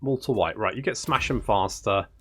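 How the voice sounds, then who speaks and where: A man's voice: lowish voice, normal speed, husky. A man hosting a strategy game let's play, commenting as he plays, given to swearing and exasperated outbursts. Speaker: gaming channel host.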